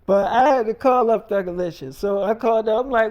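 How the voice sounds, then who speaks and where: A man's voice: high-pitched, brisk, dull audio. A man telling a long casual story in a rambling, slangy way, full of fillers and repeats. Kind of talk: casual freestyle storytelling monologue.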